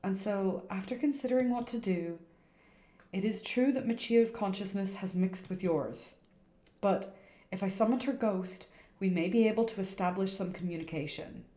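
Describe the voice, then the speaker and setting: A woman voicing a calm, serious male occult guide from a game, speaking in a measured, instructive way. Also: mid-range voice, roomy sound, natural voice. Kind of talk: reading game dialogue aloud on stream.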